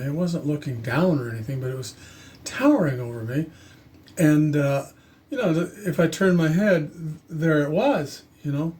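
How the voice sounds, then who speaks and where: A man recounts something from his own life straight to the camera, speaking casually and plainly. His delivery is unhurried and halting, full of restarts, with an earnest tone. His voice sits a little higher than most men's. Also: a little mellow. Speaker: channel host telling a personal story. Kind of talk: casual spoken storytelling to camera.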